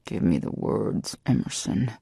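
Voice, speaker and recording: A woman narrator voicing a dominant adult man who gives low, slow, gruff commands. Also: big pitch swings, mellow, dry recording, clean studio sound, full character voice. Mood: commanding.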